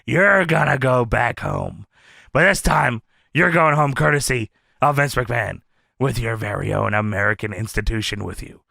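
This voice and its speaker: A man voicing a furious, domineering older wrestling chairman, speaking lower and more growly than his own voice. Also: lively intonation, normal speed, gravelly, bright, forceful tone, no echo, studio quality, heavily acted.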